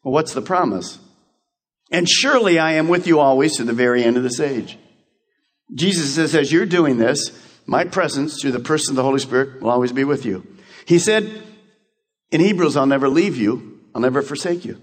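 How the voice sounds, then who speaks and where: A male pastor delivers an urgent, exhorting sermon in a church sanctuary. His fairly high voice rises and falls in lively swings as he repeats key lines. A long hall reverb trails each phrase. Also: moderate pace, breathy edge.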